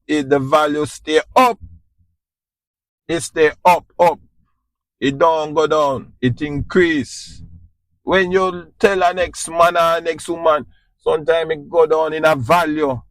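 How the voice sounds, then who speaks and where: A man's voice: medium pitch, a bit bright, no room sound. A man with a Jamaican accent hosting a podcast, giving an informal spiritual talk in a preachy, repetitive way and often asking if you understand. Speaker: podcast host.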